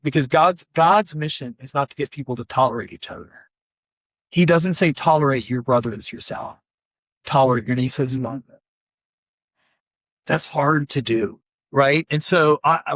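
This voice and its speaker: A man's voice: on the high side, a bit bright, no echo. A man, a pastor, giving a conversational workshop talk, animatedly telling stories and acting out both sides of conversations. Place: conference room.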